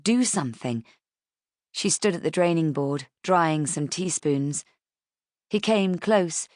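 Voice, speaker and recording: Low-voiced woman narrating. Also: dry recording, clean studio sound. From United Kingdom. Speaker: audiobook narrator. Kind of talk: scripted narration.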